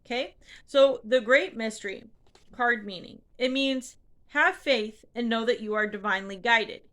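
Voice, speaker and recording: A woman's voice: on the high side, measured pace, a bit bright. A woman tarot reader speaking earnestly and encouragingly, reading a card's meaning and then chatting about her spiritual journey with many fillers. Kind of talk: spiritual card reading and casual talk.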